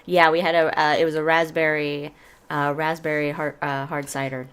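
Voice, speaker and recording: A woman co-hosting a casual podcast, playful and quick to laugh. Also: low voice, little pitch movement, fairly bright tone, clear, resonant tone. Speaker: podcast co-host. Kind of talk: casual chat.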